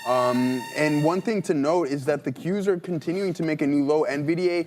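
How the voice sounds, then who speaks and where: A man's voice: on the high side, brisk, music in the background. A man co-hosting a live trading stream, giving upbeat commentary on trades and bantering with his co-host.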